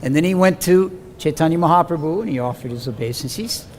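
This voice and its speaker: A man preaches and tells a scripture story with animated, dramatic delivery, slipping into the voices of the people he quotes. His voice sits high for a man. The talk rings through a hall with a long reverb and a faint hum underneath. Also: a little fast.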